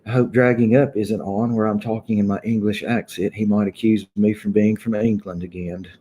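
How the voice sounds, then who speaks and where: A man's voice: on the low side, fairly even intonation, normal speed, warm tone, a little hiss or hum. A man hosting a casual livestream, chatting loosely and greeting viewers one by one from an indoor room. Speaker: livestream host. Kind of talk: casual live chat with viewers.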